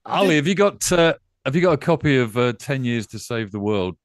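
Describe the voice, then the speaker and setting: A man's voice: medium pitch, expressive, brisk, dry recording. Dry-voiced man on a video call. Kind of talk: casual panel chat on a video call.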